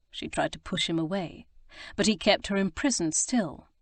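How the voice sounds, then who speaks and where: Low-voiced woman narrating a romance audiobook. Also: normal speed, dry recording. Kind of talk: scripted narration.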